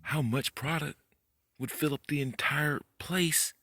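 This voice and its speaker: A man giving a rambling, profane late-night monologue, talking fast, tripping over his words and jumping up in pitch when he gets worked up. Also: expressive, bright, forceful tone, no room sound. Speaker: conspiracy video host.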